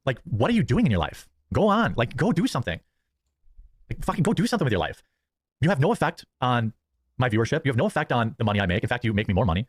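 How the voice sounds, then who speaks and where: Brief: fast, animated man ranting on stream, contemptuous, dry close sound. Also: mid-range voice, dry recording. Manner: contemptuous, mocks critics in sneering voices. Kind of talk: ranting commentary.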